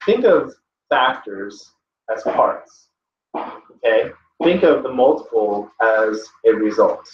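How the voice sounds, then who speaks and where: A male tutor lectures casually in class, keeping it conversational and often checking in with students. He speaks slowly and expressively at medium pitch. The classroom is echoey, the mic distant and muffled, with a little hiss or hum.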